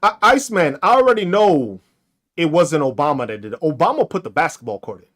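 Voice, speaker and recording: A man's voice: on the high side, very animated, fairly quick, fairly bright tone. A man hosting a podcast, ranting and mocking with heavy profanity and frequent laughter, speaking with features. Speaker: podcast host. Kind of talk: ranting commentary on comments.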